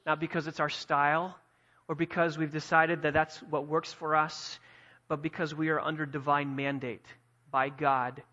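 A man preaching a sermon as pastor, emphatic, building to forceful peaks and dropping low again. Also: flat delivery, normal speed, highs cut off. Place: church sanctuary.

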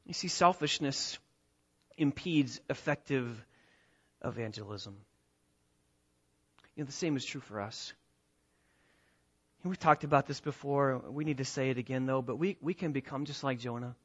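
A man preaching a sermon as a pastor, emphatic, moving between quiet asides and raised lines. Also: mid-range voice, moderate pace, long pauses, husky. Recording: slightly dull lo-fi sound.

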